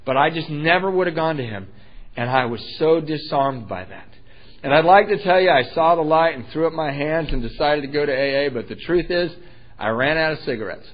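A man's voice: fairly high pitch, muffled recording. A man candidly telling his own recovery story, self-deprecating and wryly funny. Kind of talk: personal storytelling talk.

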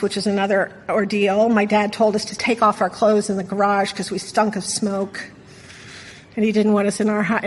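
A woman's voice: on the high side, in a large hall, low-quality recording. A middle-aged woman sharing a personal story at a recovery meeting, wry, candid and self-mocking.

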